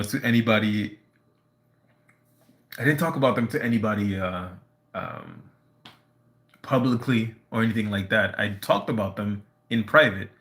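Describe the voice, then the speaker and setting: A man on a casual live stream, telling a personal story in a halting way, full of fillers and restarts. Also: on the low side, fairly bright tone.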